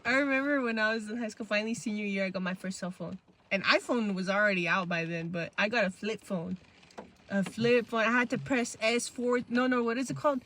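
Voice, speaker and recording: A woman in her twenties co-hosts a podcast, swapping loose, profane, candid stories from her youth in casual conversation. Her mid-range voice moves briskly with a fairly bright tone, over a faint hiss or hum.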